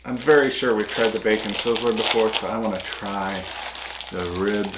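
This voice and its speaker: A man's voice: fairly low pitch, steady tone, normal speed, roomy sound, very noisy. A man co-hosting a casual snack-tasting vlog, reading out labels and giving short, easygoing replies. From United States. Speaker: vlog co-host.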